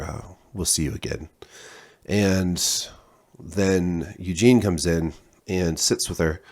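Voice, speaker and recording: Guy with a really low voice chatting through a show review, lots of um and restarts. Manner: rambling, many restarts and fillers. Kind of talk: casual spoken review.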